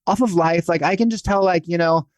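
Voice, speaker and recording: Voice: mid-range voice, fairly quick, a little mellow, no room sound. A speaker in a casual spiritual podcast conversation, talking chattily in a self-mocking way with lots of fillers.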